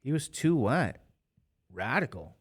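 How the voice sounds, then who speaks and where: A man's voice: medium pitch, sing-song, unhurried, slightly rough. A man in his fifties, a math teacher talking casually and rambling to his class between examples. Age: 50s. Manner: chatty, rambling, jokey asides to students.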